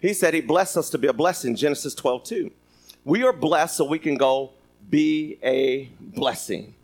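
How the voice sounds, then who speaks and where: A man's voice: fairly high pitch, moderate pace. A man preaching a sermon, reading scripture and joking with the congregation. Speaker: pastor. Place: church sanctuary.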